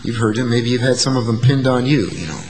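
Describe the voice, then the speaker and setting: A man's voice: mid-range voice, fast, darkish tone, long reverb tail, rough recording. A male pastor delivering an earnest sermon, building to emphatic peaks. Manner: earnest, rising to emphatic peaks, acting out quoted insults.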